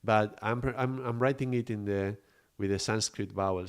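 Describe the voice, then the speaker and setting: A man's voice: fairly low pitch, moderate pace, smooth. A man giving a live spiritual teaching, explaining patiently, often searching for words and checking in with his listeners. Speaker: Kundalini yoga teacher.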